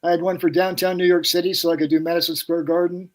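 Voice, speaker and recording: Older man, podcast guest, high-pitched, rambling anecdotes, acts out the people he quotes. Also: little pitch movement, fast talker. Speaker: podcast guest, pyrotechnic technician. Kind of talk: casual storytelling.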